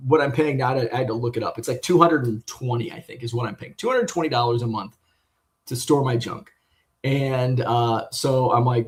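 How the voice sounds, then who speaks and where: A man vlogging casually about his sports card hobby, rambling and swearing as he vents about a bad customer service experience. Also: mid-range voice. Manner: rambling and profane, retelling with exasperation. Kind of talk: casual venting monologue.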